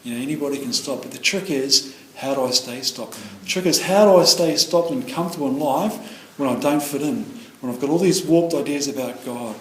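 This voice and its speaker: This middle-aged New Zealander is an AA meeting speaker giving a rambling, heartfelt personal share peppered with "you know." His mid-range voice runs a little fast with hardly any pauses, heard in a roomy meeting room with faint ambience.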